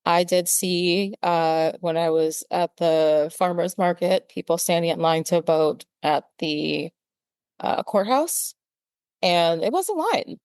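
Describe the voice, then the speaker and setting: A woman co-hosting a podcast in casual chat, speaking in a measured, gently teasing way. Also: lowish voice, lively intonation, clean tone, no echo, studio quality. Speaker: podcast co-host.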